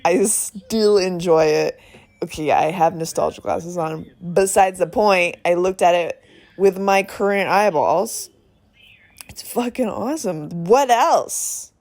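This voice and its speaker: Excited swearing woman ranting into phone. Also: on the low side, measured pace. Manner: excited, rambling, swears a lot, laughs often. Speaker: film reviewer. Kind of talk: casual voice memo rant. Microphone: phone voice memo.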